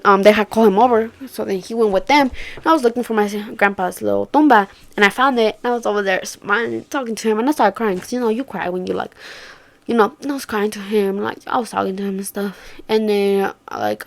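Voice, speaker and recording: A young woman telling a story casually, swearing and slangy, jumping from loud outbursts to hushed murmurs. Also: mid-range voice, fast. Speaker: vlogger.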